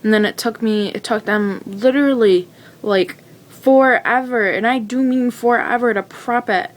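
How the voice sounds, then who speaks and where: A woman's voice: a little high, measured pace. A teenage woman telling her own story in a rambling, casual way, full of fillers and restarts. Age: teens.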